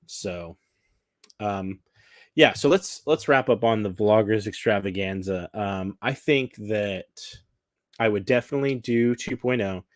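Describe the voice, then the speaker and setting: Lowish, dry-voiced chatty man. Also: measured pace, dry recording. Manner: chatty and enthusiastic, rambling with fillers. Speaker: cruise vlogger. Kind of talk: casual chat.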